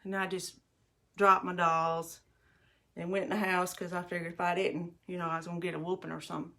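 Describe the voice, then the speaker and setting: Lady rambling ghost stories at home, bit low voice, calls everyone y'all. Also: little pitch movement, brisk, sharp tone. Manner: chatty, rambling, addresses viewers as y'all. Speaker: livestream host. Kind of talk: casual storytelling while doing makeup. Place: bathroom at home.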